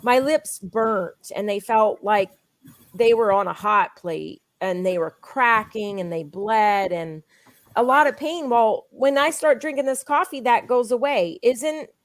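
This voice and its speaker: A woman guest giving an eager, insistent sales pitch built on personal stories. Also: no room sound. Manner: eager, insistent, fast storytelling. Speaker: guest, product promoter.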